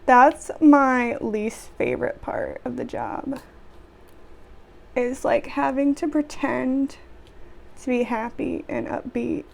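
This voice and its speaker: A woman's voice: high-pitched, animated, takes it slowly, creaky. A young woman vlogger telling work stories in a casual chat, sarcastic and exasperated, with sighs.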